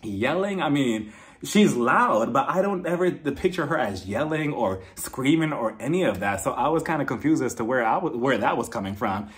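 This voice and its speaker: Male reviewer, casual recap, expressive lively pitch, chatty. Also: normal speed. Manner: chatty, animated, laughs often.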